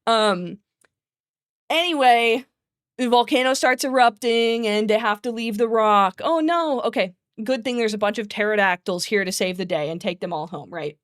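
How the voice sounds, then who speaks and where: A woman's voice: on the high side, normal speed, no echo. Rambling, giggly woman streamer, dry mic. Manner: rambling, laughs often, swears freely. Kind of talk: casual chat.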